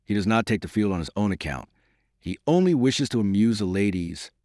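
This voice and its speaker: A man voicing a humble, gossipy royal falconer who speaks low and confiding in an audiobook. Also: lively intonation, a little fast, a little mellow, no echo, clean studio sound, lightly acted.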